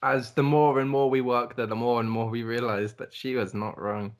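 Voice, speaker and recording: A man co-hosting a podcast in casual chat, chiming in with quick, reactive quips. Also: medium pitch, steady tone. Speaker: podcast co-host.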